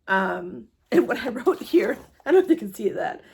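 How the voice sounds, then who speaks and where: Husky-voiced woman vlogging casually. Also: a little high, big pitch swings, normal speed, a little mellow. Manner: rambling, many fillers, laughs often. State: hurried. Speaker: vlogger sharing her cancer journey. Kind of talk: casual chat to camera.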